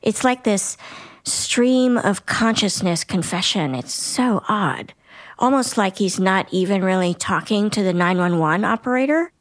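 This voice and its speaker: A woman co-hosts a podcast and asks her questions in an inquisitive, animated way. Her mid-pitched voice is recorded close and dry. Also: unhurried, no room sound. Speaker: podcast co-host. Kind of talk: conversational podcast talk.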